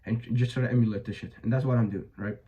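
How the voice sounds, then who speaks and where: A man's voice: medium pitch, steady tone, rapid-fire, mellow, dull audio. A young man giving blunt, profane advice in a casual monologue, full of fillers and restarts, his voice a bit strained. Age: young adult. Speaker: vlogger.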